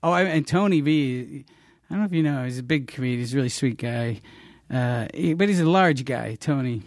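A man telling profane, rambling stories from his comedy career in casual chat, deadpan, breaking into high put-on voices. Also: fairly quick, dry recording, clean studio sound.

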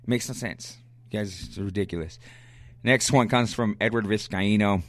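A man's voice: on the low side, moderate pace, no room sound. A man hosting a sports fan podcast and answering listener questions in a casual, fired-up way. He is blunt, repeats himself and stammers as he restarts sentences.

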